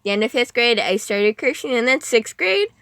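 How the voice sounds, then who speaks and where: A woman's voice: on the high side, big pitch swings, normal speed, a bit bright, no room sound. A young woman chatting as a podcast guest, rambling, giggling and cutting herself off mid-sentence. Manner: rambling, giggly, self-interrupting. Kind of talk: casual chat.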